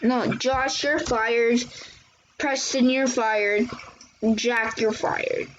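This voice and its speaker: A woman's voice: a little high, steady tone, extremely slow. A woman chatting casually and exclaiming as she hosts gameplay commentary for her channel. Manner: chatty, exclaiming and reacting to the game. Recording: muffled lo-fi recording with faint hiss.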